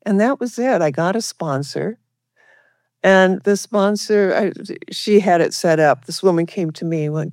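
A middle-aged woman tells her recovery story in an earnest, wandering way, often restarting her sentences. Her voice sits at an ordinary pitch for a woman. The sound is close and dry, with almost no room around it. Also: normal speed, dry recording. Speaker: recovery meeting speaker. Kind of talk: personal recovery share.

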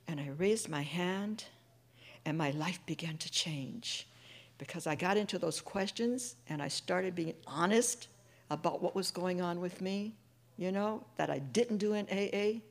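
Gravelly low-voiced woman telling her story. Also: lively intonation, measured pace, a little mellow. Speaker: speaker sharing at a recovery meeting. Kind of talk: personal testimony told to a group.

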